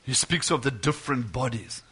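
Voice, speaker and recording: A man's voice: medium pitch, animated, moderate pace, fairly bright tone, slightly rough. A man preaching a fervent sermon, retelling stories and acting out the quotes.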